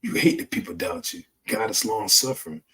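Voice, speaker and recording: A man's voice: on the low side, sing-song, fairly quick, sharp tone, a little hiss or hum. A man hosting his channel, delivering an impassioned, preachy monologue full of profanity and emphatic outbursts. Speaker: channel host.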